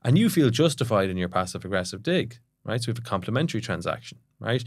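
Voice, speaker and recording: A middle-aged man, a therapist, explaining ideas in a fast, conversational way and checking in with "right?". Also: lowish voice, very animated, no room sound, clean studio sound. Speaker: psychotherapist guest.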